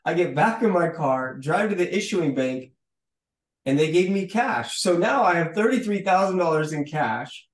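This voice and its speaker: Guest storyteller, male, a touch high-pitched, acts out every exchange, roomy sound. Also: moderate pace. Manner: animated storyteller who acts out dialogue, with stammered restarts. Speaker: podcast guest. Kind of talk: storytelling in a conversational interview. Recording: roomy, echoey room sound.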